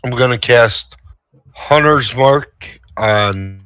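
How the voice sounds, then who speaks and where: Slow, hesitant man player. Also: medium pitch, fairly bright tone, clear, resonant tone. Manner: thinking aloud, hesitant. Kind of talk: casual tabletop play.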